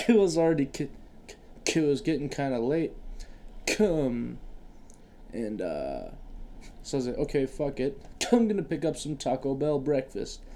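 A man's voice: mid-range voice, sing-song, a little slow, pauses often, dark tone. A young man co-hosting a casual podcast chat, laughing often, swearing a lot and stumbling on repeated k- sounds. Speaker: podcast co-host.

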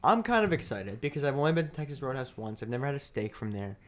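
A man's voice: medium pitch, big pitch swings, quick pace. A man co-hosting a podcast in casual chat, telling a rambling, joking story. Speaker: podcast co-host.

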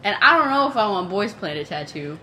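A young woman co-hosting a podcast in casual chat, playful and giggly, often trailing off into soft mumbles. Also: medium pitch, big pitch swings, brisk, a little hiss or hum. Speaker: podcast co-host.

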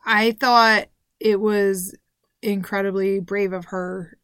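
A woman's voice: medium pitch, steady tone, takes it slowly, fairly bright tone, smooth, dry recording, clean studio sound. A woman co-hosting a podcast, chiming in casually with agreements and her own thoughts on a book. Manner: chiming in with short agreements and reflections. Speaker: podcast co-host.

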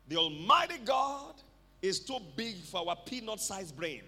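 A man's voice: high-pitched, very animated, moderate pace, bright, forceful tone. A man preaching a fervent sermon, calling out to the congregation for responses. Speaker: pastor. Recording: echoey hall with long reverb.

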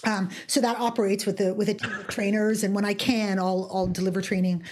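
A woman's voice: medium pitch, little pitch movement, brisk. A woman talking as a guest in an interview, passionate and emphatic, often repeating words as she speaks. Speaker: author and guest. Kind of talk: podcast interview.

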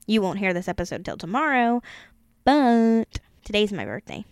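A blunt woman in her twenties hosting a podcast, talking casually with a lively, swooping pitch. Her voice is close and dry. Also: normal speed, clear, resonant tone, no room sound. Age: 20s. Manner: blunt, swearing, laughing. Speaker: podcast host.

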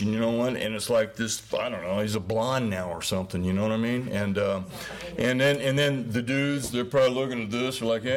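Animated man preaching a casual sermon. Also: medium pitch. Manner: casual, conversational, acts out voices of biblical figures. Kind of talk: informal sermon.

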